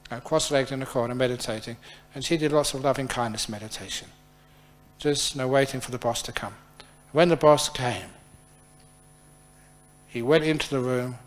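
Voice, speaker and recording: A man who is a Buddhist monk, telling a story during a dharma talk at a temple. He is chatty and playful and laughs often. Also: medium pitch. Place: temple hall.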